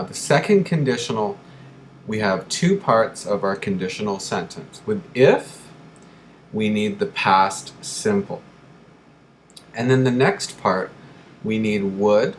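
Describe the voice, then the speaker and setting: Male grammar teacher, slow and deliberate delivery, repeats examples, faint background hiss. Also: lowish voice. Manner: slow, deliberate, repeats key phrases for learners. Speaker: English teacher. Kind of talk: grammar lesson.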